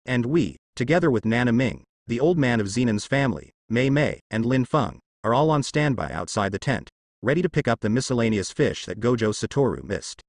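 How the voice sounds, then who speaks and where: A male narrator reads a translated fan novel aloud with a lively, swinging pitch. His delivery is steady and unbroken, with no slips or fillers. The voice sits close and dry, with no room sound around it. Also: brisk, no room sound.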